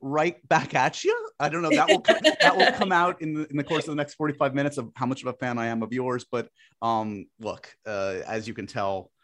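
A man hosting his podcast in casual chat, animated and self-deprecating with quick asides. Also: medium pitch. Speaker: podcast host.

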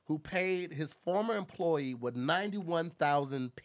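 A man hosting a casual podcast chat, talking in an animated way and laughing and swearing often. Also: a little high, a little slow. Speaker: podcast host.

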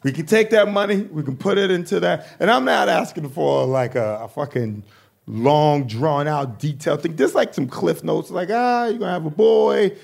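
A young adult man doing stand-up comedy, telling animated, profane stories. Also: on the high side, moderate pace, gravelly.

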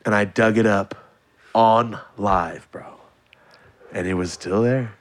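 A man in his late twenties telling a story in casual podcast chat, animated and swearing freely. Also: lowish voice, slow. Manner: animated, swears freely, acts out quoted voices.

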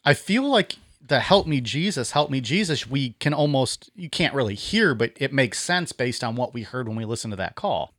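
A man's voice: medium pitch, sing-song, normal speed, hardly any pauses, fairly bright tone, dry recording, studio quality. A man co-hosting a casual true-crime podcast, reacting and summing up points in short remarks. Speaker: podcast co-host.

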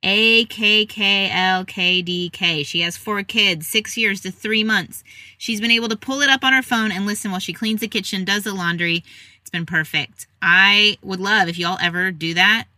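A woman, hosting a podcast and chatting casually as she reads out listener reviews with quick asides. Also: medium pitch, steady tone, sharp tone, no echo. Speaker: podcast host.

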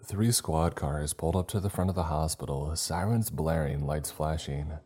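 A man narrating a first-person horror story in a steady, measured way. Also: a bass voice, slightly rough, faint music behind.

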